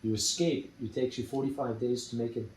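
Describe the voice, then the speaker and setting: A man interviewing a veteran, soft-spoken and prompting with questions. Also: mid-range voice, steady tone, fairly quick, slight background noise. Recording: distant roomy mic with faint ambience.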